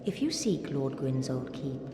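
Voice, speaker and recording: A woman voicing a mysterious female keeper of a bonfire in a fantasy video game, speaking in formal, archaic, measured lines. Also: rumbling low, very animated, full character voice. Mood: solemn. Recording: echoey game audio with long reverb and hiss.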